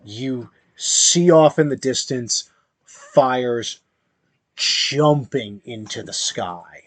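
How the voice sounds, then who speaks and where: A man narrating a tabletop game as game master, in slow, halting speech with fillers. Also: medium pitch, a bit bright, no room sound.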